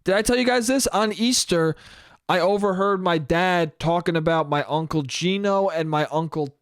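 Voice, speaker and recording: A young man rants through a casual solo podcast, swearing freely and slipping into the voices of the people in his stories. His voice sits a little high for a man and sounds smooth and clear. The recording is close and dry. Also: moderate pace, dry recording. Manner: ranting, swears freely, acts out quoted people mid-story. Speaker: podcast host.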